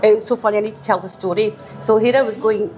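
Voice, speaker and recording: A Scottish woman hosting a podcast, chatting casually, animated, laughing often and echoing her guest's words. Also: mid-range voice, quick pace, a little hiss or hum. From Scotland. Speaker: podcast host. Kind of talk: casual chat.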